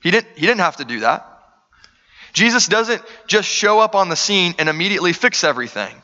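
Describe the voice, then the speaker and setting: A man's voice: high voice, big pitch swings, fairly quick, pushed and bright, lo-fi sound. Earnest preacher man in a big hall. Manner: earnest, conversational preaching with rhetorical questions. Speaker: pastor. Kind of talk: sermon.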